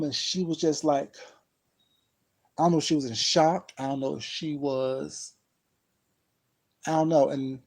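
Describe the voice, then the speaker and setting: A man's voice: a little high, darkish tone, poor audio. A man casually telling a personal story to his viewers, rambling and emphatic, with lots of "you know what I'm saying". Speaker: vlogger.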